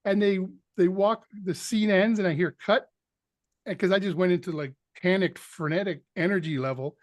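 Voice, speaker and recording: Animated male storyteller. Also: high voice, moderate pace, dry recording, studio quality. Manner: animated anecdote teller, acts out quotes. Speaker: actor guest. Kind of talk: storytelling in an interview.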